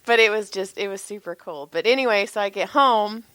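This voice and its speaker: Woman, 40s, casual podcast storytelling, animated, laughing, swearing, tired, dry sound. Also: medium pitch, a little fast, clear, resonant tone, dry recording. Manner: animated, laughing, swearing freely, acts out quotes. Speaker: podcast co-host, massage therapist.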